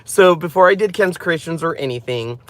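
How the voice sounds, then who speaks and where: Man, craft channel host, casual live chat, rambling, chatty, slightly high voice. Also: animated, brisk, fairly bright tone. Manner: rambling, chatty, laughs often.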